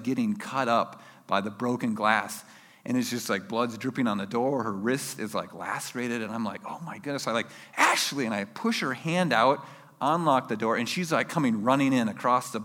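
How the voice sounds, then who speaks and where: Bright-voiced man preaching in a hall. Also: medium pitch. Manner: animated storyteller acting out his own yells. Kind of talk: sermon storytelling.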